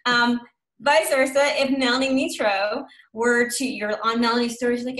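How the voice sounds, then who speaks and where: A woman in her thirties giving an animated, chatty coaching talk on a team call. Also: fairly high pitch, normal speed, echoey room, low-quality recording. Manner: lively, chatty, acts out quoted voices. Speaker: guest speaker on a team call.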